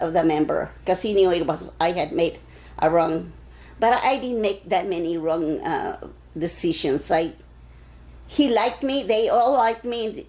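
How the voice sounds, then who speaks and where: An older woman from Arizona being interviewed, telling stories in a casual, animated way and acting out the voices of the people in them. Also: mid-range voice, rough recording. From Arizona, USA. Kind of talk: casual storytelling.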